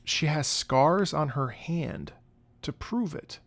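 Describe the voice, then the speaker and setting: A young man on a casual livestream, rambling through anecdotes and breaking into loud laughter. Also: on the high side, expressive, slow pace, gravelly. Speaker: streamer reacting to game music. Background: game music playing.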